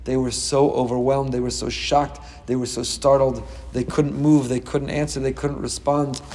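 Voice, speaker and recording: Animated male rabbi in an echoey hall. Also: medium pitch. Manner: animated, dramatic storytelling with quick asides. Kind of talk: Torah class sermon.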